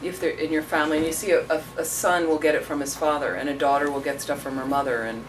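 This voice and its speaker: Woman Buddhist teacher, casual and rambling Q&A, low-ish voice, distant mic in a noisy room. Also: fairly even intonation, fast talker. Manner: rambling, storytelling, acts out quotes. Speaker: Buddhist teacher answering questions. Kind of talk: casual dharma talk.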